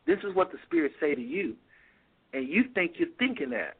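A man's voice: on the high side, sing-song, fairly quick, husky. A man hosting a call-in talk show and preaching, repeating phrases for emphasis. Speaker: radio show host. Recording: tinny phone-line audio.

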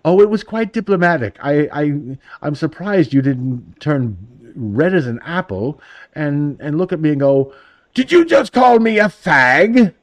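A man's voice: on the high side, animated, measured pace, a little mellow, no room sound, voice pushed up. A man doing a polite British bobby. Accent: British, put on. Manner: apologetic, courteous. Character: polite middle-aged male British police officer.

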